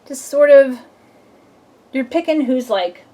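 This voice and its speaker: A woman's voice: sits high, expressive, slow pace, warm tone. A young adult woman, a tarot reader, chatting casually and playfully through a weekend reading and acting out little scenes.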